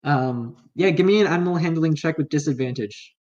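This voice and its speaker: A man's voice: fairly high pitch, brisk, darkish tone, highs cut off. A man running a tabletop game as game master, narrating casually and hesitantly with many fillers.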